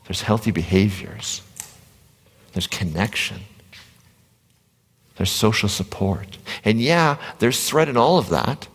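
Deep-voiced man speaking in a reverberant hall. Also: slow pace, long pauses, slightly rough. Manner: animated, acts out quoted inner voices, drops to a whisper at times. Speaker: motivational speaker. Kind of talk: motivational talk to a live audience. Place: large gym hall with a live audience. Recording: long reverb of a large hall.

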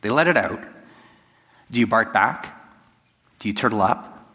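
A man's voice: on the low side, expressive, measured pace, bright, forceful tone, long reverb tail. A man giving a conversational, jokey talk to a live audience, acting out quoted exchanges. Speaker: public speaker.

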